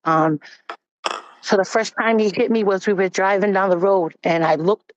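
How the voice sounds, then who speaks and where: A woman's voice: medium pitch, normal speed, a little hiss or hum. A woman giving a candid, blunt personal testimony as a panel guest. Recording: dull, dry recording.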